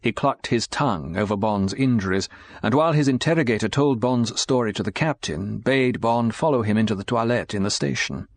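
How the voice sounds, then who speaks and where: A man giving a measured, scripted audiobook narration. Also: mid-range voice, no echo.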